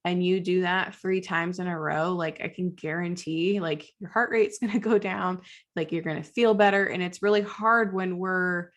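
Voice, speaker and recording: Chatty woman podcast co-host, lowish voice. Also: fairly even intonation, moderate pace. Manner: chatty, peppered with "like", laughs often. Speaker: podcast co-host, school counselor. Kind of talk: casual podcast chat.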